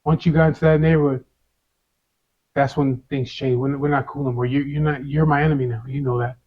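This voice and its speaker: Male interviewee, mid-pitched, casual slang-heavy storyteller, slightly dull recording. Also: fairly even intonation, a little fast. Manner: casual street slang, swears, constant "you know". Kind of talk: first-person storytelling.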